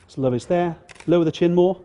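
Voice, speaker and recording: A man's voice: high voice, fast talker. An English man teaching portrait lighting, giving a hands-on demonstration and coaching a model as he works. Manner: directing a model with warm encouragement. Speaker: photography instructor. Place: outdoors at a seafront location.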